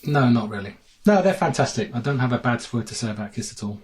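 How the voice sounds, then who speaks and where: Man, birmingham accent, husky voice, rambling guest, video call. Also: mid-range voice, animated, quick pace, darkish tone. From England. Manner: rambling, self-correcting. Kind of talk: casual chat.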